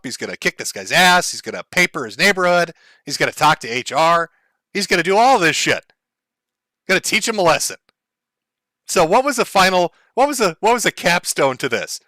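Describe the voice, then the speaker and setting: Male streamer host, crude mocking commentary, bright tense tone, dry close sound. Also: sits high, no room sound. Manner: mocking, crude, laughs often. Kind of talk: profane comedic commentary.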